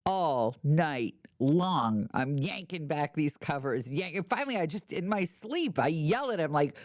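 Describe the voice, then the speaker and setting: Low-voiced woman telling wry stories. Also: sing-song, measured pace, a little mellow, no room sound, studio quality. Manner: wry storytelling with playful mock indignation. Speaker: podcast host. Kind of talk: casual chat.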